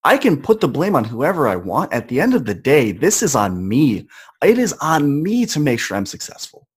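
A man's voice: mid-range voice, wildly swooping pitch, normal speed, husky. Earnest young man telling a story. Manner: earnest, conversational, acts out quoted voices. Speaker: podcast guest. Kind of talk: personal storytelling in conversation.

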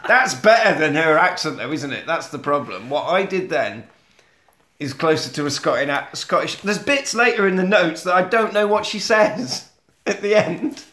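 A man co-hosts a comedy podcast and tells the story crudely and with lots of energy. His voice sits high for a man and sounds bright and forceful. The room around him echoes. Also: lively intonation, normal speed. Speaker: podcast co-host. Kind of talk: comedic film recap. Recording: roomy echo.

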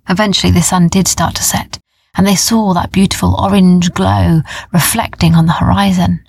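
A woman narrating a children's story in a gentle, unhurried way, sometimes dropping to a near whisper. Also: lowish voice, flat delivery, vocal fry, a little hiss or hum.

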